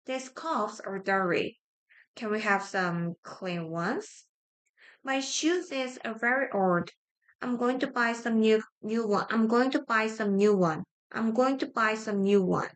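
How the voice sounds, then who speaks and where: This woman streams study-with-me sessions, and Korean is her first language. Pitched somewhat high, she works through basic grammar drills out loud, saying every line again and stumbling into restarts as she goes.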